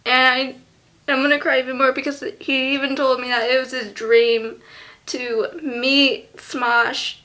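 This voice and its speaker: A teenage girl vlogging a tribute to a lost friend, halting and close to tears, with many fillers. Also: high voice, flat delivery. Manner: halting, soft, full of fillers. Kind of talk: tearful memorial vlog.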